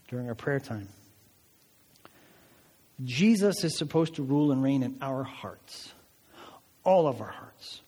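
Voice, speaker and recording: A man preaching a sermon, telling the story in a conversational, animated way and asking many rhetorical questions. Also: mid-range voice, breathy edge, in a large hall. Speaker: pastor.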